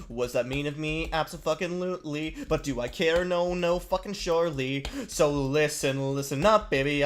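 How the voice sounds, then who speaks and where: A young man giving crude, joking commentary while gaming, often breaking into improvised singing. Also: on the high side. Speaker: gaming video creator.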